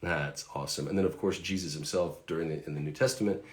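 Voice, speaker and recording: Deep-voiced man giving a casual faith talk. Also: quick pace. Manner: conversational, with fillers and asides.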